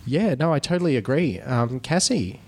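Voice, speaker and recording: A man's voice: medium pitch, very animated, normal speed, slightly rough. An Australian man hosting a casual film discussion, rambling and enthusiastic, often restarting his sentences. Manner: rambling, self-interrupting, enthusiastic. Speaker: host.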